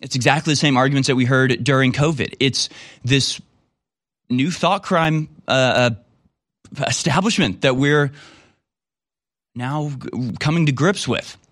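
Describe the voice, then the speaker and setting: A man's voice: medium pitch, a little slow, long pauses, fairly bright tone, dry recording, clean studio sound. A man giving casual commentary on a clip in a sarcastic, emphatic way.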